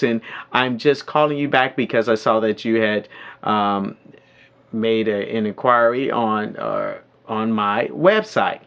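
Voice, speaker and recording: A man giving a spoken training lesson on calling sales leads, pausing often with ums and restarts, sometimes acting out phone calls. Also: lowish voice, gravelly, clear, resonant tone. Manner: hesitant with many ums, then lively role-play of phone calls. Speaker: network marketing trainer. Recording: dull lo-fi audio.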